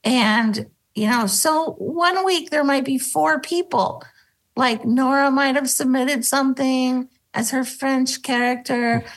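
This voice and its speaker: High, gravelly-voiced woman telling stories. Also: slow pace, rough recording. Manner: animated, acts out quotes, drops into a low voice for bits. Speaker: guest, former sketch comedy cast member. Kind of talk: casual interview storytelling.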